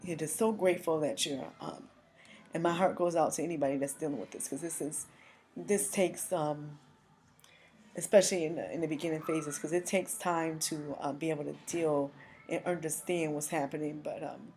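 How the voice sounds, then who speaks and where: A woman giving a personal religious testimony, earnest and emotional, speaking haltingly with many pauses and restarts. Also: sits low, a little mellow.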